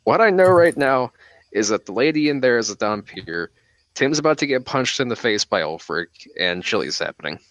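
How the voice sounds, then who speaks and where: A man's voice: medium pitch, big pitch swings, normal speed, a bit bright, dry recording. A man playing a tabletop game, explaining at length in casual chat. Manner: explanatory, rambling. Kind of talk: casual chat over a voice call.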